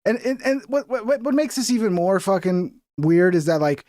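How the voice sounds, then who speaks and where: A man's voice: high voice, lively intonation, moderate pace, a little mellow, dry recording, clean studio sound. A man streaming a reaction to a video, talking casually with a profane, exasperated and rambling manner.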